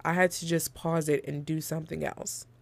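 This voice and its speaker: A chatty woman with a drawl talks through her picks in a casual, animated way. Her voice sits low with a gravelly fry, and the sound is dry and close. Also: normal speed, no room sound. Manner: chatty, animated, laughs often. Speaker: podcast host. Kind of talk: casual chat.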